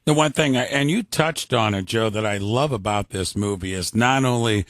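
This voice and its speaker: A man's voice: fairly low pitch, normal speed, a bit bright, dry recording, studio quality. A man hosting a radio show, chatting with his guest in an admiring, conversational way. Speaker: radio host. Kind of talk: radio interview chat.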